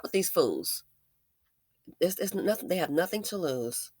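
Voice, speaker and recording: A woman's voice: on the low side, lively intonation, a little slow, no echo, clean studio sound. Emphatic, preachy woman vlogger. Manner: emphatic, preachy, talks straight to viewers. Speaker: vlogger, business owner. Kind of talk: commentary vlog, advice to viewers.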